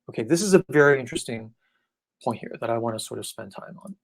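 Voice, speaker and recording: Man, spiritual teacher, easygoing irreverent Q&A voice, mid pitch, keeps asking "right?". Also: fast, gravelly. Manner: relaxed, irreverent, often asks "right?". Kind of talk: casual live online Q&A.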